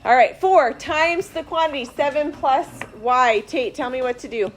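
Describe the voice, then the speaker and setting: A woman math teacher in a classroom, walking students through problems step by step in a slow, deliberate way. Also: sits high, slight background noise. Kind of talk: classroom instruction.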